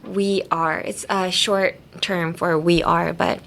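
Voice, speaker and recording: A woman's voice: medium pitch, animated, moderate pace, few pauses, bright, forceful tone. Chatty woman hosting an English lesson. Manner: chatty and rambling, many fillers and self-corrections. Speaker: podcast host teaching English through anime. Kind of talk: casual English lesson chat.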